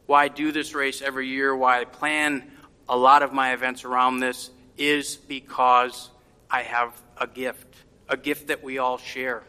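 A middle-aged man telling a reflective personal story to a congregation in a gentle, heartfelt, unhurried way. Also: medium pitch, flat delivery, clean tone, in a large hall.

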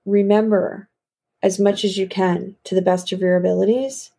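A middle-aged woman hosting a reflective solo podcast, musing slowly and often restarting her words. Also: medium pitch, little pitch movement, creaky, dark tone, husky. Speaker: podcast host.

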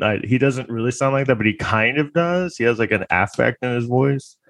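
A man's voice: fairly low pitch, fast, few pauses, no echo. A man delivering a comedic monologue in a crude, sarcastic, rambling way, full of fillers and restarts.

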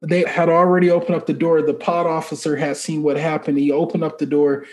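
A man in a casual interview, telling a personal faith story in an animated, conversational way and acting out the dialogue. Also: on the high side, brisk. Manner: conversational filler-heavy speech. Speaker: podcast guest.

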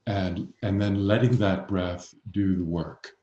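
A man working as a voice coach, calmly explaining breathing and resonance with slow, measured pauses. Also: deep voice, echoey room, muffled recording. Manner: calm, explains slowly with pauses. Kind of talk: expert advice in a conversation.

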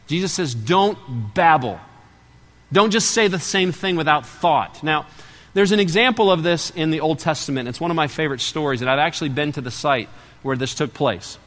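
Pastor, middle-aged man, slightly high voice, animated sermon delivery, long hall reverb. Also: a little fast. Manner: animated storytelling, swings from loud to hushed.

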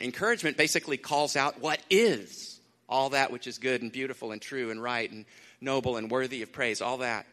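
A man preaching a sermon in a conversational way, repeating phrases for emphasis, with lively asides. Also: mid-range voice. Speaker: pastor. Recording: long hall reverb.

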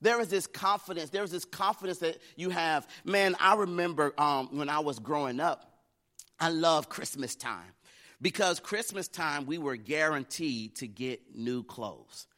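A man's voice: on the high side, measured pace, pushed and bright. A middle-aged man from the United States preaching a sermon, telling a family story in a conversational way that builds to fervent preaching. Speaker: pastor.

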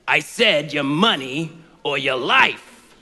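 A man voicing a menacing male street robber in a gruff, lowered voice, retelling an old radio sketch inside a sermon. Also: expressive, takes it slowly, pushed and bright, big-room sound, heavily acted.

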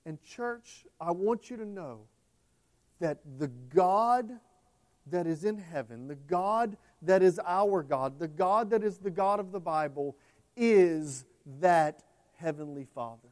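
A pastor preaching a sermon with passion, swinging between hushed, tender passages and loud, emphatic ones. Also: male voice, fairly high pitch, lively intonation, slow.

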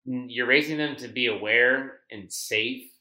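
Male co-host, relaxed talker, bright tense tone, roomy recording. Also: medium pitch, unhurried. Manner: laid-back, echoes and builds on his partner's lines. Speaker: podcast co-host. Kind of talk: casual chat.

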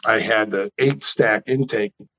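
Animated New storyteller man. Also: on the low side, moderate pace, highs cut off. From New York. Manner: animated, chatty storyteller who acts out quotes. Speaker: custom car builder. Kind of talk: storytelling in an interview.

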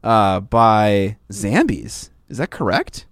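A man's voice: on the low side, very animated, slow, no echo, studio quality. A man co-hosting a podcast in casual chat, rambling and jokey, with lots of fillers. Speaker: podcast co-host.

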